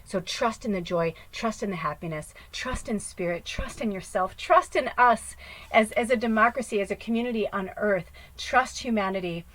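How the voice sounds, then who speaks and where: A woman medium talking straight to her viewers in a casual spiritual monologue. Her voice is middle-pitched, and she is passionate and blunt, dropping curse words. She swings between loud outbursts and soft hushed passages. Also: moderate pace. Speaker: spiritual medium and channel host.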